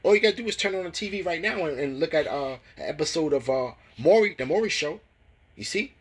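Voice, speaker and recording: A man teaching from scripture, reading verses slowly and breaking in with commentary full of restarts and "man, you know?" tags. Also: on the high side, animated, husky, rough recording. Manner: reads scripture slowly and deliberately. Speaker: religious teacher.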